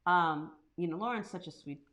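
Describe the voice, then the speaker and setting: A woman's voice: fairly low pitch, normal speed, fairly bright tone. New York woman co-hosting, reading comments. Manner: chatty, reads out comments. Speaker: co-host reading viewer comments. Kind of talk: casual chat.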